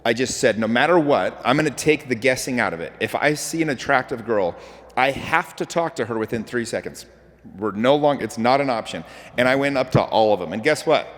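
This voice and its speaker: Guy giving a pep talk in an event hall, talks super fast, lots of echo. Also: mid-range voice. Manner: energetic, animated storytelling with acted quotes. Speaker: speaker. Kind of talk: motivational talk to an audience. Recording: hall with reverb.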